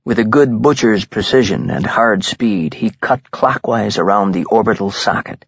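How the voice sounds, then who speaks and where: Male audiobook narrator, husky and gravelly, measured thriller read, dull lo-fi recording. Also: fairly low pitch, no room sound. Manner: measured, tense storytelling. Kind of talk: scripted dramatic narration.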